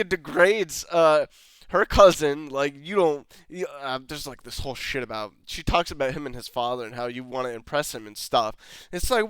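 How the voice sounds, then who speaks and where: A man ranting through a show review, sarcastic and exasperated, cursing freely. His voice is fairly high and swings widely in pitch, smooth and resonant, recorded dry and close. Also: a bit bright, no echo. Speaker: video reviewer.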